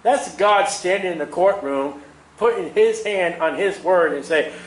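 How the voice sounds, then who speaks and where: A man preaching a sermon in an animated way, chuckling at his own asides. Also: high voice, unhurried, roomy sound, poor audio.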